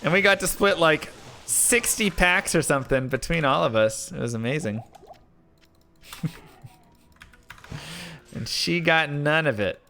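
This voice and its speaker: A man live-streaming, telling a rambling story in a casual, animated way with lots of filler words. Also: fairly high pitch, unhurried, long pauses, slight background noise. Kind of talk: casual storytelling while gaming.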